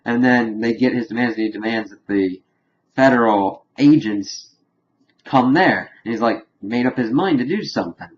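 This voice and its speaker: A man giving a casual, rambling spoiler recap of a TV episode, animated and chuckling as he retells scenes. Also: medium pitch, normal speed, muffled recording. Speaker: TV episode reviewer.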